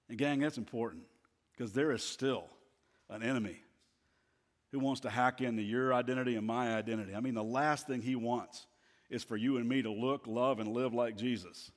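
Animated pastor with hall reverb. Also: male voice, medium pitch. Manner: animated, conversational and storytelling. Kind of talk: sermon.

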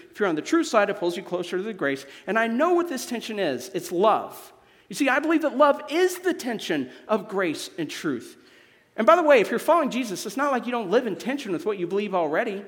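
A young adult man from Missouri preaching a sermon as a guest speaker, animated and joking with the congregation. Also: very high voice, big-room sound. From Missouri, USA. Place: church sanctuary.

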